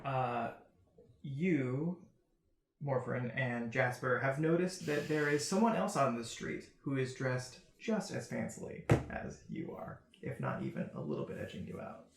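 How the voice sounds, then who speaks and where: A man narrating as dungeon master, relaxed and chatty, laughing often. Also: mid-range voice, unhurried, gravelly, a crowd in the background. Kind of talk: narrating a tabletop game. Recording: roomy echo.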